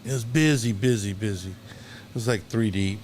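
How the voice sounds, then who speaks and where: A man, a longtime bartender, telling animated stories in a casual interview, stumbling and restarting often. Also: lowish voice, normal speed, slight background noise. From Dallas, Texas. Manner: animated anecdotes, acts out quoted voices, hesitant restarts. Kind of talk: casual storytelling.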